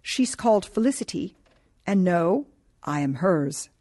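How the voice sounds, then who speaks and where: Quiet British bookseller man, as a woman reads him. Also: on the low side, lively intonation, unhurried. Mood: quiet, courteous. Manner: quiet, courteous. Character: soft-spoken male bookseller, polite.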